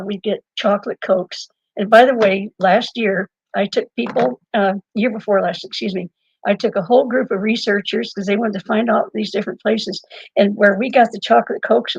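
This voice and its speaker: An older woman being interviewed, telling a long personal story in a lively way, laughing now and then and restarting her sentences. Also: on the high side, creaky, slightly rough, dry recording, muffled recording. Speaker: interview guest and author. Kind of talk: conversational storytelling.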